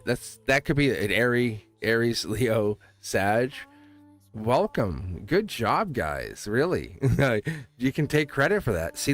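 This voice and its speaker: A man's voice: mid-range voice, fairly bright tone. A man hosting a tarot livestream in a rambling, casual way, chuckling often and restarting his sentences. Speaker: tarot reader and livestream host. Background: faint music.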